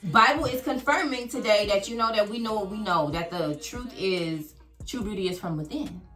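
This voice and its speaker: A woman podcast host, talking in a casual faith-based chat with a preachy, animated storytelling manner. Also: medium pitch, moderate pace, reverberant, distant mic, faint music behind.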